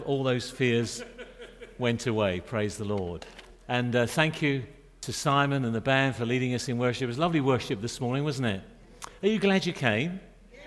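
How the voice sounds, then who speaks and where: A man's voice: medium pitch, a little hiss or hum. A middle-aged man preaching in a church, chatty and joking with the congregation between points. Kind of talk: sermon. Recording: long reverb of a church hall.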